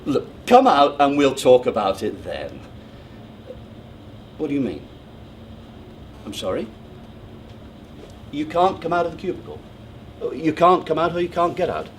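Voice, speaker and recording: A man's voice: mid-range voice, slight background noise. An actor playing a pompous, controlling man in a theatrical monologue, smug, condescending and over-precise in how he talks. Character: pompous, controlling, self-assured man proposing. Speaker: stage actor. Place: theatre stage.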